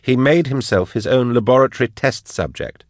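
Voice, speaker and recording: A man's voice: medium pitch, expressive, fairly quick, fairly bright tone, dry recording, studio quality, voice pushed up. A man voicing a cold, matter-of-fact female investigator with a withering tone. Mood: cool.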